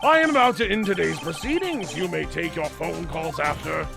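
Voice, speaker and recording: A man's voice: fairly high pitch, moderate pace, creaky, over music, pitched below the performer's own voice. A man voicing a stern, fussy elderly male judge in a video game, speaking formally.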